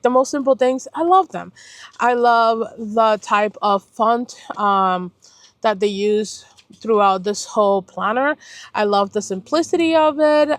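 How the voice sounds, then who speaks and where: There's no echo on this young Puerto Rican woman's voice, which sits on the high side. As a planner vlogger in casual chat, she is talkative and meandering, often correcting herself and offering apologies.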